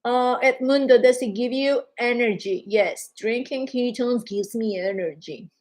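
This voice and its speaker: Woman, non-native English accent, higher voice, emphatic casual live-stream host. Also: unhurried, rough recording. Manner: animated, emphatic, calls viewers darling. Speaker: social media host.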